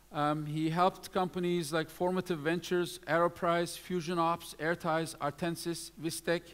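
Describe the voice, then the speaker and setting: A man presenting awards at a live event, reading out lists of names with many fillers. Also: a little high. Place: event hall. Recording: long hall reverb.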